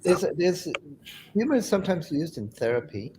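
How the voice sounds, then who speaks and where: A man's voice: high voice, big pitch swings, moderate pace, darkish tone, a little hiss or hum. A man on a webinar panel telling funny anecdotes in a chatty way and laughing at his own stories.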